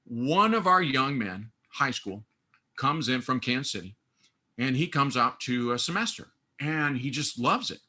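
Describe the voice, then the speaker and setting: A man guesting on a podcast, telling stories in a lively way and acting out the voices of the people in them. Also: measured pace. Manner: lively, acts out quoted voices with big pitch swings. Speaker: guest, runs a training school. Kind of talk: animated podcast storytelling.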